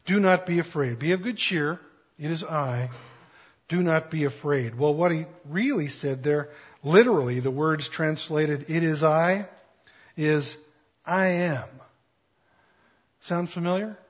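A male pastor gives a relaxed, joking sermon, acting out the lines he quotes. His voice sits a little high and sounds husky. The recording is muffled and lo-fi. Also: unhurried, pauses often. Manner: conversational, playful, acts out quotes with jokes.

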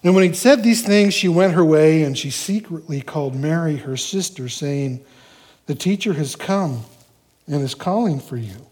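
A man preaching a sermon, walking through a scripture passage verse by verse and acting out the characters' lines in an animated way. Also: fairly high pitch, normal speed.

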